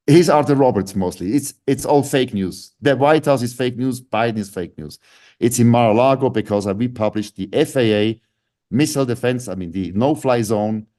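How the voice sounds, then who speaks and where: A man's voice: low voice, dark tone. A man on a radio show giving an emphatic, lecturing conspiracy talk monologue, repeating key words for stress.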